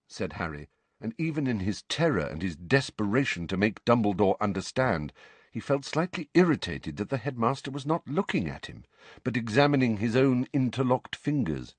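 A man narrating a story in an expressive, varied scripted reading. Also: fairly low pitch, normal speed, no room sound. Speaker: audiobook narrator.

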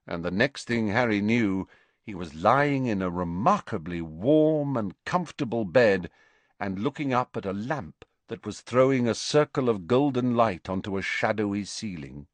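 A man narrating a storybook in an expressive, animated way. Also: on the low side, moderate pace, no echo. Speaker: audiobook narrator. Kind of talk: storybook reading.

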